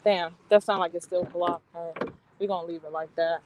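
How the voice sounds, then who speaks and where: A woman's voice: lowish voice, fairly even intonation, brisk. A young woman vlogging from her parked car, talking to viewers in a flustered, chatty way and swearing often. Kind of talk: casual vlog talking to viewers. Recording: noticeable background noise.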